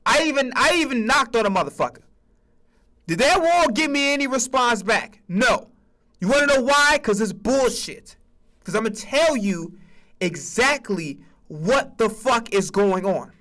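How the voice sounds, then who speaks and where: Man, sports streamer, heated profane rant, very high pitch, wildly swinging intonation. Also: bright, forceful tone. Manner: heated, swears constantly, stammers and repeats words. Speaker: sports streamer and podcast host.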